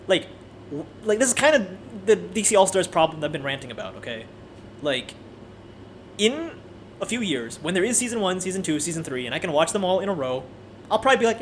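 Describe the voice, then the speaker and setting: High-voiced man ranting casually. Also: fast, a little hiss or hum. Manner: animated, profane, frequent restarts. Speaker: anime video creator.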